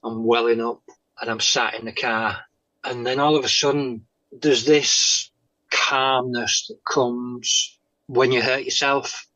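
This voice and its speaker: Halting man, bright tense voice. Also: mid-range voice, fairly even intonation. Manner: halting, many pauses and "um"s, drops to soft tones. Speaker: guest sharing a faith testimony. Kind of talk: conversational interview testimony. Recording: dull lo-fi sound.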